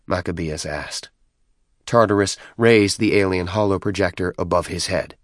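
A man narrating a science fiction story in a measured, even way. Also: low voice, no echo, studio quality. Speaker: audiobook narrator. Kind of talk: scripted narration.

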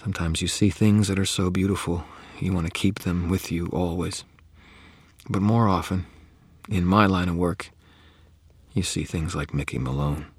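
A man narrating first-person fiction in a grave manner, often dropping into a hushed whisper. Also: low voice, vocal fry, husky, no room sound. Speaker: audiobook narrator.

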